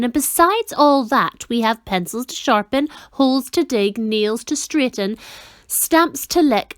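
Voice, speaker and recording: A woman voicing a smooth-talking male demon of petty tasks, speaking slowly and coaxingly in a storybook reading. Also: a little high, no room sound, studio quality. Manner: slow, deliberate, coaxing.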